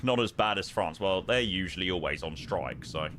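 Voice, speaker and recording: A young man chats casually and jokes with his viewers while flying. His pitch moves around a lot as he talks. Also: lively intonation, moderate pace, fairly bright tone, a little hiss or hum. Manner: chatty and joking, sings along to music. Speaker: flight sim streamer. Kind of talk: casual chat.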